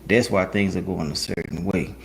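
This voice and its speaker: Gravelly low-voiced streamer man. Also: steady tone, normal speed, a little hiss or hum. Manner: laid-back, slangy, musing. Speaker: reaction streamer. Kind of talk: casual commentary.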